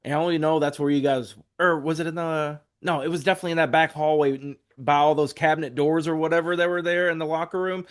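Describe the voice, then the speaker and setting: A man in his forties with a slightly raised voice tells stories as a podcast guest. He rambles, swears freely and slips into quick impressions of the people he quotes. His delivery is loose and conversational. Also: a little high, steady tone, smooth. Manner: profane, rambling, acts out quotes. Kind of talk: casual storytelling.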